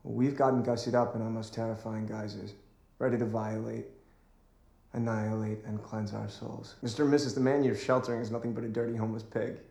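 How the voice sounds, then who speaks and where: Courteous masked villain, gravelly, roomy film-clip sound, menacing politeness. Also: male voice, lowish voice, little pitch movement, warm tone. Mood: menacingly polite. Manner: mock-courteous, theatrical, drawn-out delivery. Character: polite, menacing young male masked gang leader.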